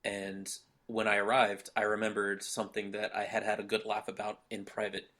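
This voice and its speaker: A man's voice: fairly low pitch, monotone, moderate pace, pushed and bright. A young man hosting a casual podcast chat, laid-back and joking, laughing often. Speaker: podcast host.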